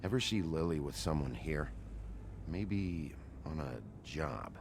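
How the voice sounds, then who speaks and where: An actor playing a gruff, weary male sheriff detective in a video game, questioning people bluntly. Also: very deep voice, big pitch swings, takes it slowly, crowd noise, exaggerated voice. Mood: probing. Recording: game audio over ambient noise.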